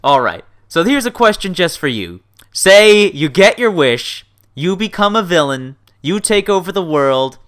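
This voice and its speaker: Man, host, jokey, very lively swooping pitch, laughs often. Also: measured pace. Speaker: interview host. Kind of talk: casual interview questions.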